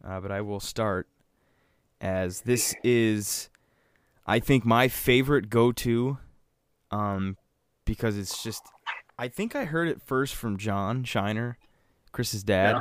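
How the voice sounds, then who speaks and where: A man's voice: on the low side, takes it slowly, pauses often, clean tone. A man co-hosting a casual podcast, telling a crude joke in a loose, profane way and laughing often. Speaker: podcast co-host. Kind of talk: casual chat.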